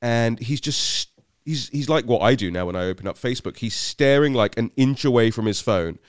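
A man's voice: medium pitch, normal speed, smooth, dry recording, studio quality. A British man from West London, host of a podcast, telling a story in a rambling, self-deprecating way with many restarts. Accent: British English. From West London, England. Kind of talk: casual anecdotal storytelling.

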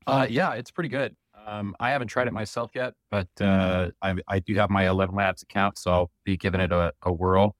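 Low-voiced man rambling on a panel. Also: a little fast, few pauses, no room sound. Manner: relaxed, rambling, with many ums and restarts. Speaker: panel guest. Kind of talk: casual live audio chat.

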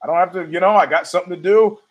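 A man's voice: high voice, very fast, poor audio. A middle-aged man hosting a podcast, rambling through a profane, opinionated monologue full of restarts. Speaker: podcast host.

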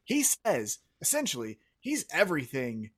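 Animated man co-hosting a podcast. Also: fairly high pitch, breathy edge. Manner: animated, opinionated, fast-talking. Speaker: podcast co-host. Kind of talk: casual wrestling podcast chat.

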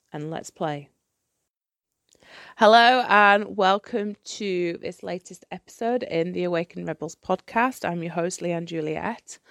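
A woman's voice: medium pitch, vocal fry, no room sound, clean studio sound. A woman hosting her own podcast, talking candidly and rambling with plenty of fillers and restarts. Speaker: podcast host. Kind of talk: candid solo podcast chat.

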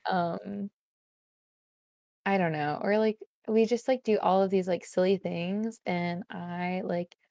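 A woman's voice: mid-range voice, fairly even intonation, slow, creaky, dark tone, no echo. A young woman in a casual conversation as a guest, rambling and filling her talk with constant "like"s.

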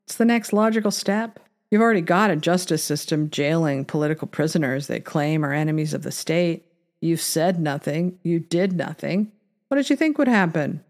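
Woman narrator, lowish voice, dry measured read, faint music bed. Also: a little mellow. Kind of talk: scripted satirical narration.

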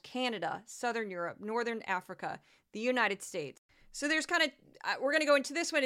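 A woman hosting a political commentary podcast, talking in an animated, indignant way and rattling off long lists with ums and uhs. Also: on the high side, smooth. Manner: animated, gets worked up and indignant. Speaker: podcast host.

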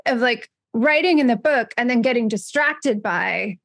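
Woman host, bubbly and animated, bright higher pitch, dry close-miked read. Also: moderate pace, vocal fry, dry recording. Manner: bubbly, animated, laughs often. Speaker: podcast host. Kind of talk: casual podcast conversation.

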